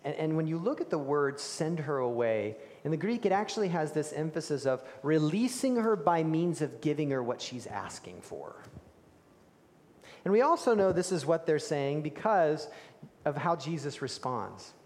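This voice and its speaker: A man preaching a sermon, telling the story with animated emphasis and dropping to hushed tones for key moments. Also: fairly high pitch, normal speed. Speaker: pastor. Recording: reverberant hall.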